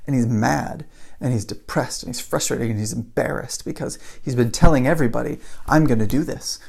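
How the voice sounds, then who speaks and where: Guy with a gravelly voice doing a casual motivational story talk, lots of repeating himself for effect. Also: medium pitch, a little fast, a little mellow. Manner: casual, repetitive phrasing, builds with repeated lines. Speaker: motivational speaker.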